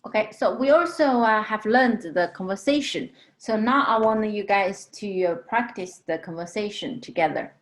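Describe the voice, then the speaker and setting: A woman teaching a language lesson, patiently explaining tones and drawing out model words slowly. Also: mid-range voice. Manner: slow, patient, drawn-out model pronunciations.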